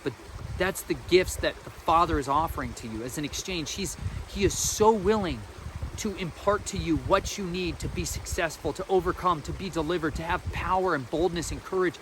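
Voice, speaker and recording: A man's voice: on the high side, normal speed, noisy background. A man giving an informal spiritual teaching as a podcast host, earnest, emphatic and colloquial.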